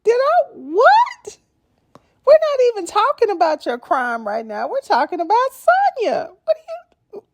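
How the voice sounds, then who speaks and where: Brief: woman doing a confused female interviewer, shrill and incredulous, well above her own voice. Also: huge pitch swings, unhurried, no room sound, exaggerated voice. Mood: baffled.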